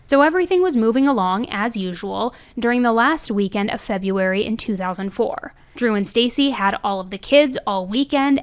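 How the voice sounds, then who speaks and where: A young woman with a fairly high voice tells a true crime story as if talking to a friend. Her delivery is chatty and conversational, and she keeps checking in with little asides. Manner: chatty, leaning on "right?" and "I mean".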